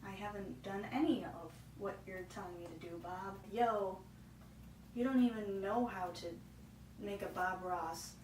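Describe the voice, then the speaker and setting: A woman's voice: medium pitch, a little slow, a little mellow. A woman vlogger giving casual, self-deprecating commentary while painting along, with exasperated asides. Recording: echoey room, far from mic, noisy.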